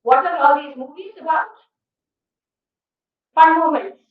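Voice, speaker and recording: A woman with an Indian English accent lectures a college class, pressing them with one rhetorical question after another. Her voice sits high and carries emphatic energy. The sound comes from some distance in a reverberant hall. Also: measured pace. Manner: emphatic, animated. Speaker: guest lecturer. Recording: echoey hall, distant dull mic.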